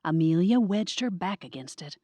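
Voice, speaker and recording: A woman giving expressive first-person audiobook narration. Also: lowish voice, normal speed, dry recording.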